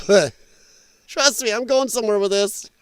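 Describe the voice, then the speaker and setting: A man's voice: sits high, a little slow, fairly bright tone, clear, resonant tone, no room sound, clean studio sound. A man hosting a live stream, reacting to clips with sarcastic, mocking commentary and frequent laughter. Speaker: live-stream podcast host.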